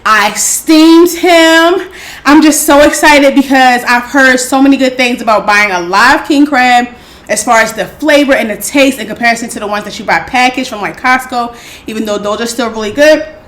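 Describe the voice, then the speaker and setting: A woman hosting an eating show, chatting casually and excitedly to her viewers, calling them y'all. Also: a little high, moderate pace. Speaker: mukbang host.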